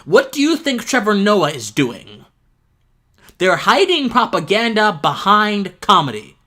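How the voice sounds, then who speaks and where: A man's voice: high-pitched, sing-song, a little slow, pushed and bright. Exasperated man ranting on a live stream. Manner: exasperated, ranting, laughs often. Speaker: streamer reacting to a video. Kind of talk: live-stream reaction commentary.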